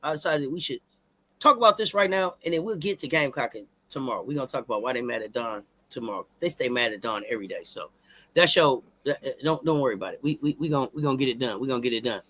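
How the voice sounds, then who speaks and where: A man co-hosting a live-stream sports talk show, hyped and repetitive, shouting out the chat and stumbling through restarts. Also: medium pitch, animated, fast talker.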